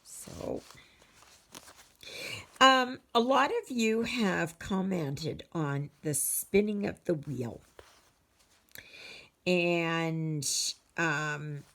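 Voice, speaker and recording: A woman's voice: lowish voice, very animated, drawn-out words, pauses often, a bit bright. A Canadian woman chatting casually to her viewers as a cross-stitch vlogger, rambling and storytelling with many fillers.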